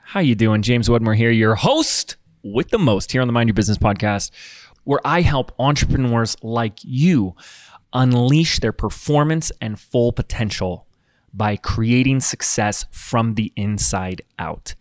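A man's voice: medium pitch, expressive, a little slow, no echo, clean studio sound. Upbeat chatty male podcast host. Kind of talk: casual solo podcast monologue.

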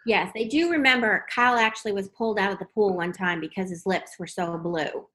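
A woman's voice: medium pitch, brisk, sharp tone, rough recording. A woman, a parent of young athletes, reminiscing in a casual chat and often repeating words as she starts a sentence. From Texas. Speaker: parent of water polo players.

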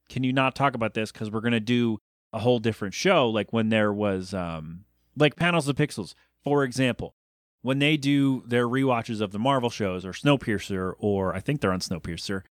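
A man hosting a solo podcast talks in a loose, rambling way. He catches and corrects himself mid-sentence and slips in dry, self-deprecating jokes. His voice sits at an ordinary pitch, and the sound is close and dry, with no room echo. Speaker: podcast host.

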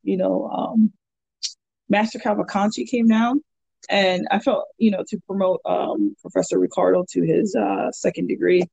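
A woman chats with a gravelly edge and a dark, husky tone. She tells rambling stories, laughing as she goes, in an easy conversational way. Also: medium pitch, steady tone, normal speed, no echo, lo-fi sound. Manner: rambling storyteller who laughs often. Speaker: guest. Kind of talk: casual chat.

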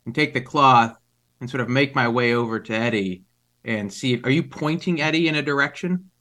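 A man's voice: mid-range voice, fairly quick, bright, forceful tone. A man playing a tabletop game, describing his moves in a rambling way full of fillers. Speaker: player. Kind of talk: casual tabletop play.

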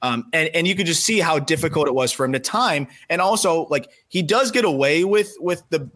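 A man co-hosting a podcast, analyzing players in casual, quick talk with frequent restarts. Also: fairly high pitch, animated, a bit bright. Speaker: podcast co-host, prospect analyst.

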